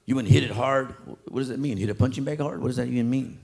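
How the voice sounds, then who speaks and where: A man preaching a sermon in a church, animated and acting out street talk. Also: mid-range voice, quick pace, vocal fry.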